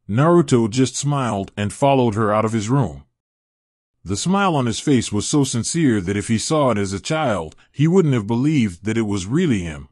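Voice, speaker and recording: A man's voice: mid-range voice, lively intonation, normal speed, a little mellow, no room sound. Man narrating fan fiction, dry close sound. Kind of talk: reading fan fiction aloud.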